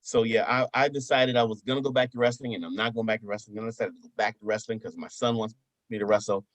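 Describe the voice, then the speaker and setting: A man's voice: fairly low pitch, fairly even intonation, quick pace, no echo. A man from Buffalo, New York, in his thirties, co-hosting a casual podcast chat and telling stories animatedly with frequent restarts. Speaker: podcast co-host.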